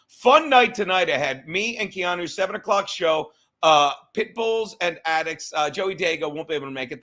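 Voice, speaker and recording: High, bright-voiced man ranting profanely. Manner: profane, rambling, easily sidetracked. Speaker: livestream host. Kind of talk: casual livestream rant.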